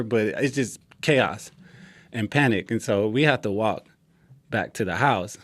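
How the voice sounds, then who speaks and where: A young man, a guest in an interview, telling a personal story in a relaxed way and acting out quoted lines. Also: mid-range voice, normal speed, no echo. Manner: relaxed, acts out quoted dialogue.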